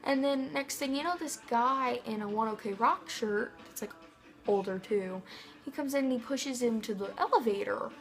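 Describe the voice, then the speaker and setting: A young woman from Missouri telling a rambling, excitable vlog story, full of "like" and "um". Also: on the high side, moderate pace, rough recording. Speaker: vlogger.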